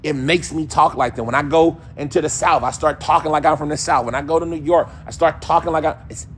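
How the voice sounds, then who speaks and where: Male religious teacher, conversational and animated, playful mimicry, light ambient noise. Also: fairly high pitch, a little fast. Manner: casual, animated, mimics accents and voices. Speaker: Islamic teacher. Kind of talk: religious lesson.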